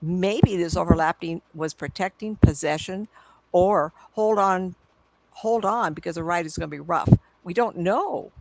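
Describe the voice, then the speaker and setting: A woman in her seventies, a psychic medium, telling stories to an audience in an excitable, chatty way with frequent laughs. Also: fairly low pitch, a little slow, no room sound. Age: 70s. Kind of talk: storytelling talk to an audience.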